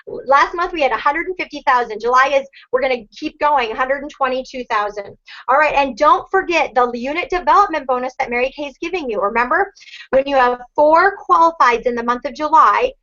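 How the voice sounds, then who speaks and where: A woman's voice: sits high, lively intonation, brisk, bright, forceful tone, lo-fi sound. A woman in her forties leading a sales team call, cheering people on with whoops and congratulations. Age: 40s. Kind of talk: upbeat team call, announcing recognition.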